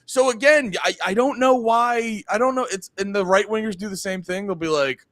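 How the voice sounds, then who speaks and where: A man co-hosting a podcast in casual chat. He talks in an animated way and keeps jumping into mocking voices of other people. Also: high-pitched, normal speed, dry recording. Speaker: podcast co-host.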